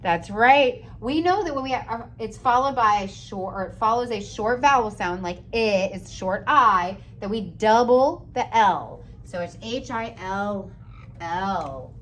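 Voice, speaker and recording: A woman teacher giving a slow, patient, encouraging writing lesson for young children, sounding out letters and praising often. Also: a little high, fairly bright tone, a little hiss or hum. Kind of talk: early-grades writing lesson.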